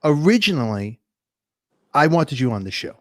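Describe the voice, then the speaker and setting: Male host, excitable and self-mocking, highish lively voice, dry close sound. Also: moderate pace, no echo. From Brooklyn. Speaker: podcast host. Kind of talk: casual podcast interview.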